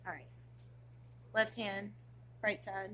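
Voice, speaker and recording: Woman vlogger, unhurried and rambling, slangy talk, bright tense tone, faint hum behind. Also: medium pitch, steady tone. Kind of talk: casual chat to camera.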